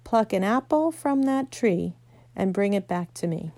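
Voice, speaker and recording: A woman voicing a wise and commanding lion in a storybook reading, slow and solemn. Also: medium pitch, lively intonation, dark tone.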